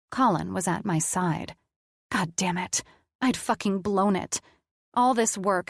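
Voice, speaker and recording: A woman's voice: mid-range voice, no echo, studio quality. A woman narrating a first-person audiobook in a candid, conversational way.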